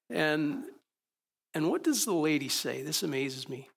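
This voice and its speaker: A man's voice: a little high, animated, slow, gravelly. A man preaching a sermon as pastor, in a conversational way with rhetorical questions.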